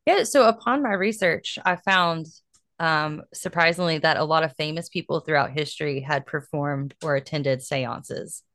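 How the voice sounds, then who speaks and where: A woman's voice: deep voice, moderate pace, fairly bright tone, no room sound, clean studio sound. A young woman co-hosting a casual podcast, chatty and full of fillers, laughing easily. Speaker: podcast co-host. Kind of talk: casual chat.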